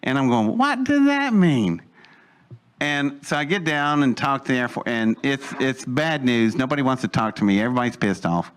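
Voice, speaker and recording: A man's voice: medium pitch, fairly quick, hardly any pauses, a bit bright, a little hiss or hum. A man recounts a long personal story. He tells it with plenty of energy and acts out every voice he quotes along the way. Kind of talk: storytelling anecdote.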